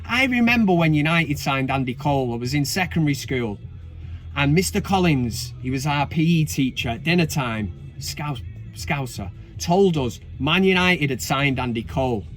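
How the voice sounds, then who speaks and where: Mancunian man in his 30s, football vlog host, high voice, sweary and sarcastic delivery. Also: animated, moderate pace, fairly bright tone, faint music behind. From Manchester, England. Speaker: football fan vlogger. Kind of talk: casual ranting commentary.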